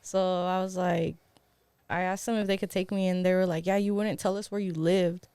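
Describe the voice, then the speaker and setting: A woman's voice: fairly low pitch, flat delivery, moderate pace, warm tone, clean tone, dry recording. A young woman co-hosting a podcast who tells a story in loose, laughing chat, swearing freely and leaning on "like". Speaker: podcast co-host. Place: podcast studio.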